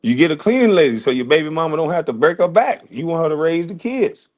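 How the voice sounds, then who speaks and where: A commentator talks fast in a slightly high, lively voice, ranting back at his online critics. His casual rant is blunt and full of cursing, and he keeps bursting into laughter as he answers them.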